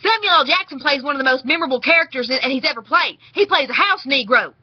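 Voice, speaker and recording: Girl doing a mocking impression of some pompous dude host, squeaky, flat dry audio. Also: fast, no room sound, muffled recording. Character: mocking impression of a male atheist video host.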